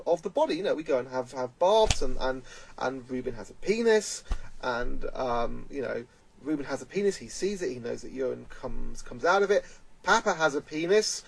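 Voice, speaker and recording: A man's voice: a little high, vocal fry, husky, rough recording. A man giving earnest, emphatic spoken commentary, repeating his points as he explains. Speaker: vlogger.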